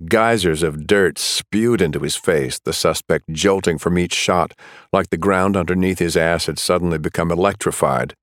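Guy reading an action audiobook, really low voice, dry close sound. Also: normal speed, dry recording. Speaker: narrator. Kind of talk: audiobook narration of a thriller.

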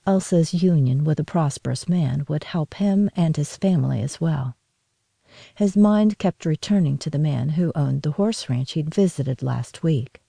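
A woman narrating a story in a steady, measured reading voice. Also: low-pitched, vocal fry, husky, no room sound.

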